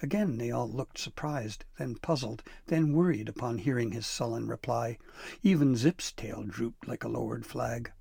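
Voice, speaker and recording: A man reading a children's storybook aloud with expressive narration. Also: medium pitch, normal speed, gravelly, husky, no echo, clean studio sound.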